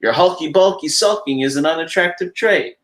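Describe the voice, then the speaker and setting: A man's voice: on the high side, brisk, fairly bright tone, pitched above the performer's own voice, lightly acted. A man doing a blunt octopus. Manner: straight-talking. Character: blunt eight-armed male octopus. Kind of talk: reading a picture book aloud.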